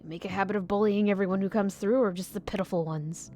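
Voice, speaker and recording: A woman's voice: medium pitch, fairly even intonation, fast, dark tone, soft background music, voice pushed down, lightly acted. A woman voicing a bewildered, scruffy dead young man, in a hesitant, self-pitying way with a wobbly attempt at an Australian accent that slips toward Cockney. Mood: mopey.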